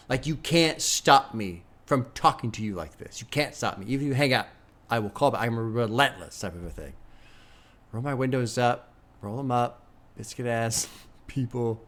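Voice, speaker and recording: An excitable, profane man reacting live. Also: medium pitch, a little slow, pauses often. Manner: excitable, profane, chatty, laughs often. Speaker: music reaction streamer. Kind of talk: first-listen album reaction.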